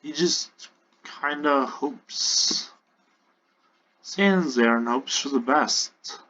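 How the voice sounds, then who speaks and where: Slow halting male storyteller. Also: medium pitch, pushed and bright, lo-fi sound. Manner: halting, with frequent restarts. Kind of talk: improvised role-play narration.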